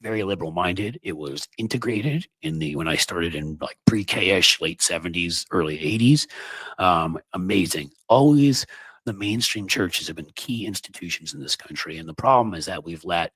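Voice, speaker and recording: A man's voice: low-pitched, lively intonation, moderate pace, fairly bright tone, husky, no room sound. A man in his fifties from New York City, hosting a political commentary monologue with sarcastic, mocking asides. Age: 50s. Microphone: studio microphone.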